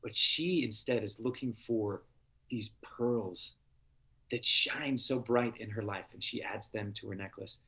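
A man's voice: fairly low pitch, sharp tone. Earnest man telling a heartfelt story. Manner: earnest, heartfelt, with halting restarts. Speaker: podcast guest, TV show star. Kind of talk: casual interview storytelling.

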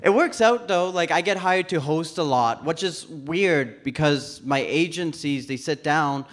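A man's voice: a little high, a little slow. Young man with a speech impediment. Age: 20s. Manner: self-mocking, laughs between lines. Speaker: stand-up comedian. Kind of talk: stand-up comedy set. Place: live comedy stage.

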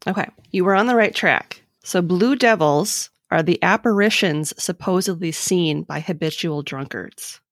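A woman's voice: fairly low pitch, normal speed, few pauses, dry recording, clean studio sound. A woman hosting a podcast, running a casual quiz segment in a playful, teasing way. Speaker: podcast host.

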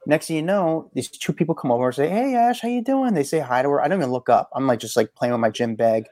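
A man's voice: medium pitch, quick pace, dry recording. A man co-hosting a casual celebrity gossip podcast, telling stories with lots of fillers and quoted voices. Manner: storytelling, animated quoted voices, many fillers. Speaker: podcast co-host.

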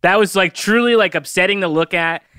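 A man's voice: sits high, brisk, pushed and bright, clear, resonant tone, dry recording, clean studio sound. A man chatting on a podcast as guest co-host, joking and laughing often over a remote call. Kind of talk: casual podcast chat.

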